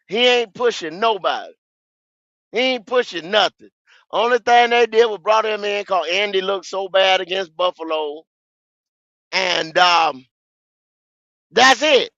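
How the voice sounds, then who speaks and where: A man, hosting a fan podcast, ranting in a profane, repetitive way with sudden shouts. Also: high-pitched, no echo, lo-fi sound. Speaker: podcast host. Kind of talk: football fan podcast rant.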